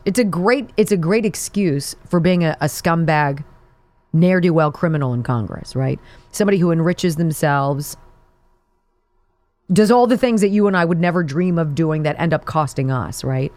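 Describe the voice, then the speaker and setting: A woman's voice: low voice, a little mellow. A woman in her forties hosting a political talk radio show, delivering a combative, sarcastic monologue.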